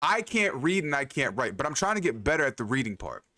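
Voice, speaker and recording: Animated, bright-voiced streamer man from New York. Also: medium pitch, fast. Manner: profane, playful, hype banter with chat. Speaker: livestreamer. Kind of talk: casual live-stream chat while gaming.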